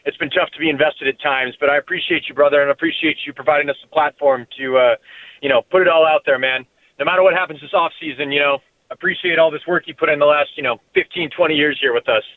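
A man's voice: a little high, quick pace, no room sound. A man calling in to a sports radio show, casual and laid-back. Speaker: caller. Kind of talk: call-in radio. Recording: tinny phone line.

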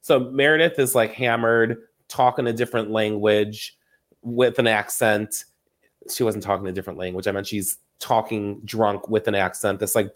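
A man hosting a casual podcast, recapping reality TV gossip in an animated, laughing way with free swearing. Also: fairly low pitch. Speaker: podcast host.

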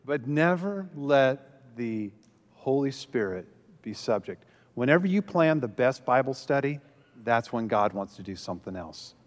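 A man's voice: medium pitch, big pitch swings, unhurried, long reverb tail. A man speaking as a pastor, telling a story with self-deprecating humor and many fillers. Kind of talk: humorous teaching talk.

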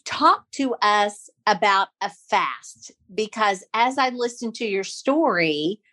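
Slow, measured woman co-host. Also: mid-range voice, expressive. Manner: measured, warmly prompting questions. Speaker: podcast co-host. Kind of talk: faith podcast interview.

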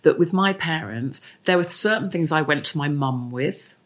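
A woman in her sixties, a podcast guest, chats casually in a low-sitting voice at a moderate pace. She's an animated storyteller who acts out the voices of the people she quotes.

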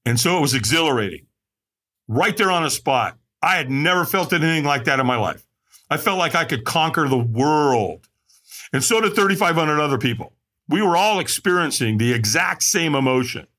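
A podcast guest tells his story in an animated, bright, pushed voice at a moderate pace. He acts out quotes dramatically, jumping widely in pitch as he goes.

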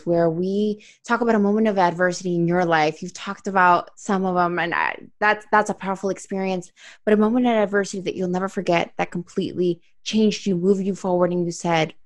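Brief: female podcast host, lowish voice, relaxed and affirming interviewer. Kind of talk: interview chat.

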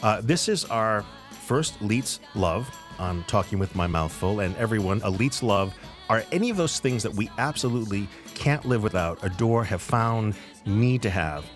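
A man's voice: on the low side, animated, moderate pace, faint music behind. A man from South Coast New England co-hosting a food podcast, chatting with enthusiasm and explaining things. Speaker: podcast co-host. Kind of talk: casual food podcast chat.

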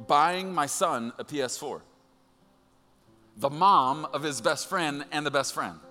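A male pastor preaching a sermon, telling a personal story and acting out the dialogue with animated energy. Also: on the high side, in a large hall.

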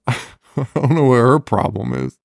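A man recapping a horror movie in casual podcast chat, animated and profane, laughing often as he retells scenes. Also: medium pitch, measured pace, vocal fry, no echo, clean studio sound. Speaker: podcast co-host.

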